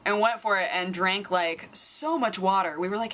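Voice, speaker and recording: A young woman telling a casual story on her vlog, animated and acting out quotes in squeaky voices. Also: moderate pace, a little hiss or hum. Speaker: vlogger.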